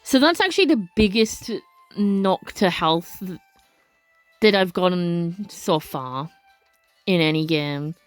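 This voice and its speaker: A woman narrating her own game playthrough, reading text aloud and reacting with gasps and quick chatty asides. Her pitch leaps around animatedly, the mic is close and dry, and soft game music plays underneath. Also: animated, clear, resonant tone, no echo. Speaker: let's play creator.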